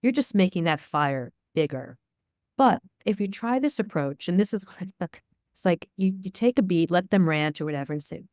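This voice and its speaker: A woman's voice: fairly low pitch, animated, moderate pace, darkish tone, no echo, studio quality. A middle-aged woman, a media expert guest, answering interview questions in a candid, storytelling way. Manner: candid, storytelling, acts out dialogue.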